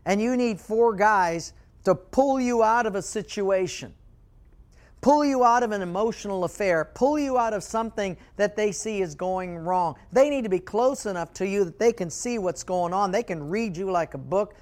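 A man preaching a sermon as pastor, telling stories with animation and dropping to quiet emphasis. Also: high-pitched, moderate pace.

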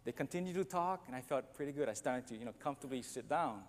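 Speaking fast and expressively in a mid-range register, this male pastor uses his sermon to tell a comic story at his own expense, acting out each other voice. Faint noise and a lingering church reverb color the recording.

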